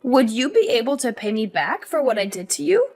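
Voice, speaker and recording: A woman voicing a cold, scornful middle-aged mother in an animated story, with a cutting, dismissive way of talking. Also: a little high, fairly quick, faint music behind. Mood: wheedling.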